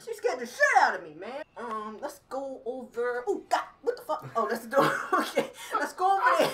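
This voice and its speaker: A woman streamer reacting loudly to a VR game, cursing and half laughing, half crying. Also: a little high, big pitch swings, normal speed, few pauses, recorded from a distance, background noise. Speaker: gaming streamer.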